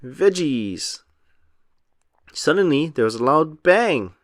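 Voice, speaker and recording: A man reads a children's storybook aloud with an animated, sing-song lilt. His voice sits fairly high and swoops through a wide range. The recording is dry and close. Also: moderate pace, no room sound. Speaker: children's book reader.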